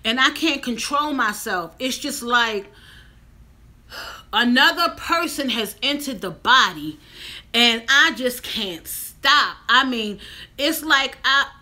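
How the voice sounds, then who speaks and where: Bright, high-voiced woman vlogger, slow talk. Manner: animated, talks straight to viewers, emphatic. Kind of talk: casual mukbang chat to viewers.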